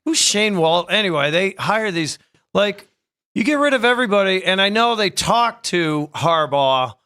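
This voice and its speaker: A man's voice: high voice, animated, normal speed, sharp tone, clear, resonant tone. A man, a comedian guest, chatting casually and rambling through jokes on a live show. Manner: joking, rambling. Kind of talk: casual chat. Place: live show at a Las Vegas casino.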